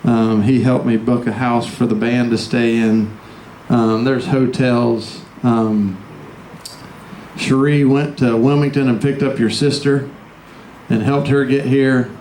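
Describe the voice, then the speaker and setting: A man's voice: mid-range voice, steady tone, slow, a little mellow. A man who organized a birthday party, speaking to his friend and thanking the helpers, with some joking. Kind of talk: heartfelt party speech. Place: party venue. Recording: echoey room with faint noise.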